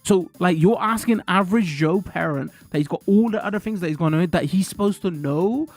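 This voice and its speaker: A man's voice: high-pitched, fairly quick, soft background music. A man, chatting casually to his stream viewers, rambling and slangy, full of fillers.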